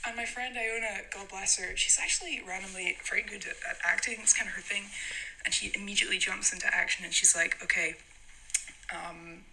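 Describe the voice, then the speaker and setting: A young woman with a Scottish accent recounts a story in a loose, rambling voice note, with frequent little laughs. Her voice is very bright and sharp, with a faint hiss of noise behind it. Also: medium pitch, steady tone, brisk, low-quality recording. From Scotland. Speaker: listener sending a story.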